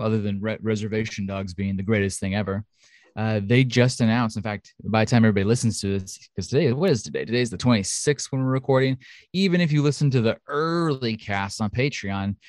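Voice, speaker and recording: A man's voice: lowish voice, darkish tone, dry recording, studio quality. A man co-hosting a podcast in casual chat, talking in a chatty, enthusiastic way with lots of fillers. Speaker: podcast co-host. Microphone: home studio mic.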